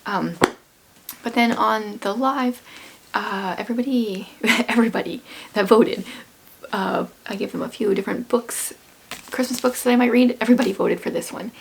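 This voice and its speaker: A woman vlogger chatting casually about what she is reading, in a rambling, offhand way, while losing her voice and sounding hoarse. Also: on the high side, normal speed. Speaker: book vlogger. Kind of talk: casual book chat.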